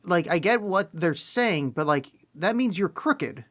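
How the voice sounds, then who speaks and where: A podcast co-host chatting casually, blunt and opinionated with quick asides. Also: mid-range voice, expressive, a bit bright. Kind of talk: casual chat.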